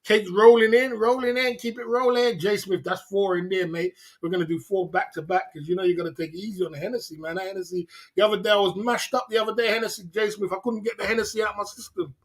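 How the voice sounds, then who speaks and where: A man's voice: high voice, steady tone, quick pace, hardly any pauses, slightly rough. A man hosting a late-night livestream chat, tipsy from drinking, hyped up, laughing often and repeating catchphrases. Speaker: livestream host.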